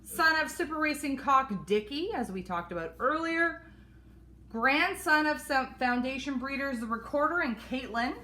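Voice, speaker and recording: A woman co-hosting a live pigeon auction, briskly listing each bird's pedigree. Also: sits high, expressive, bright, forceful tone. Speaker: auction co-host.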